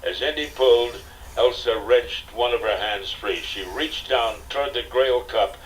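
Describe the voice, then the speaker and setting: An older man narrating an audiobook in a steady, dramatic storytelling manner, on a distant, hissy cassette recording. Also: medium pitch, unhurried. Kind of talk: scripted narration.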